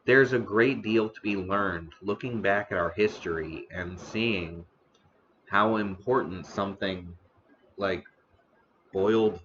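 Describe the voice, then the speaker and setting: A man hosting a casual live stream about the history of noodles, talking slowly with many fillers and restarts, eating now and then. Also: on the low side, fairly bright tone, lo-fi sound, slight background noise. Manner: eating on stream between remarks. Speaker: streamer host.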